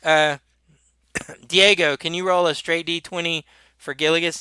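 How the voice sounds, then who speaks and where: A man narrating as game master of a tabletop role-playing game, with many halting restarts. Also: a little high, little pitch movement, pushed and bright, clear, resonant tone, dry recording.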